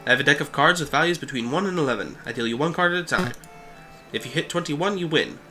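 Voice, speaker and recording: A man's voice: fairly high pitch, quick pace, sharp tone, faint music behind. A man reading the lines of a pushy gambler who keeps coaxing people into card games. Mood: plain. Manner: coaxing, insistent.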